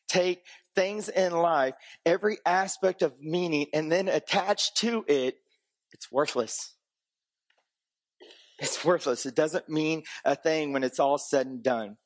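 A man preaching a conversational sermon, teaching with rhetorical questions and light humor, swinging between raised emphatic passages and low, quiet ones. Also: measured pace. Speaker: pastor.

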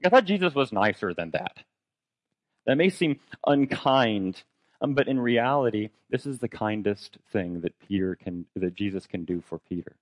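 A man's voice: fairly low pitch, expressive, normal speed, no echo. A man preaching a sermon in a conversational way, posing rhetorical questions and retelling a story dramatically. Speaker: pastor.

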